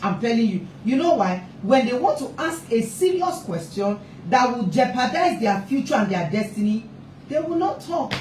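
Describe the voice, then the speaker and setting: Very animated yet a little mellow, a woman's fairly high voice moves at a moderate pace as this family therapist and parenting speaker argues passionately about parenting, slightly raised and hammering her points by repeating them. The mic is distant, the room echoey, and a faint ambient hum sits in the background.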